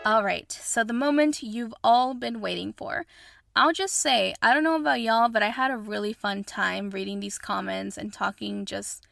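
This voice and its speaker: A woman's voice: mid-range voice, moderate pace, creaky, a bit bright, dry recording, studio quality, soft background music. A young woman from Mexico whose first language is Spanish, hosting a podcast in a chatty, effusive way. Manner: chatty and effusive, says y'all. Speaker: podcast host. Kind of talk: casual solo podcast chat.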